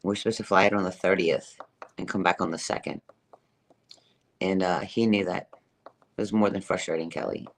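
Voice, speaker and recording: A woman's voice: very deep voice, steady tone, moderate pace, long pauses, a little hiss or hum. A middle-aged woman telling a personal story to her live chat, emphatic, repetitive and profane, laughing as she goes. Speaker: livestreamer.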